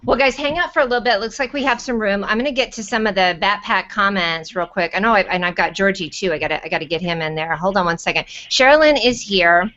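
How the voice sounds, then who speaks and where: A woman hosts a casual live video chat in a bubbly, teasing way, tossing quick asides to viewers. Her voice sits at an ordinary middle pitch. The audio is dull and lo-fi, like a video call. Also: a bit bright. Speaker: host.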